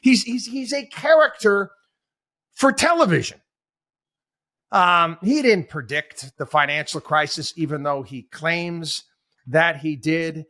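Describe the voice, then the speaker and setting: Taking it slowly, this man hosting a talk show offers sarcastic, exasperated, opinionated talk radio commentary laced with rhetorical questions. His somewhat high voice sounds pushed and bright, and the studio sound is clean with no echo.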